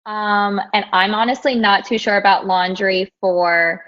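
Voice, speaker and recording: A woman's voice: medium pitch, steady tone, a little slow, fairly bright tone, highs cut off. A young woman moderating a live question session over a video call, upbeat and reading out questions. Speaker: event moderator.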